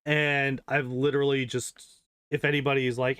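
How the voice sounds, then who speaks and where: A man's voice: mid-range voice, flat delivery, normal speed, a bit bright, smooth, no room sound, studio quality. A man chatting casually and rambling while playing a game, swearing freely and laughing often. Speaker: gaming streamer.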